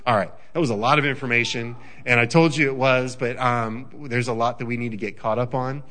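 A male pastor runs through announcements from the front of a church. His tone is bright and crisp, at an ordinary middle pitch, and he moves along briskly with only a few ums. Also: fairly even intonation. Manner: brisk, organized, with occasional fillers. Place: church sanctuary.

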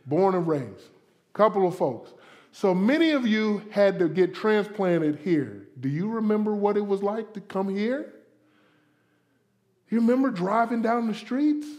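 High-voiced man preaching animatedly. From Florida. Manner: animated, conversational preaching with playful asides and acted-out inner voices. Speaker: pastor. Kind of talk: sermon.

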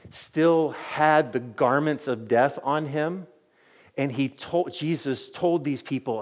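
A man preaching a sermon to his church as pastor, telling the story animatedly with many casual "like"s. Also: mid-range voice.

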